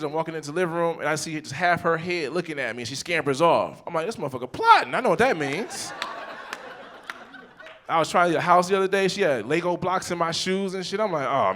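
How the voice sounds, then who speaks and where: A man's voice: a little high, a little hiss or hum. A man in his forties doing live stand-up, telling a profane family story and acting out the people in it. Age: 40s. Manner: animated, profane, acts out scenes in quoted voices. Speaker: stand-up comedian. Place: comedy theater stage.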